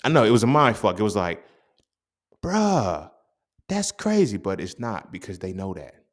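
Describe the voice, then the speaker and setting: A deep-voiced young man holds forth on his podcast in a loose, unscripted monologue. His talk is animated and streetwise, heavy with slang and profanity. He sounds like he's explaining something he lived through to a friend. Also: fast. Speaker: podcast host. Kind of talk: casual monologue.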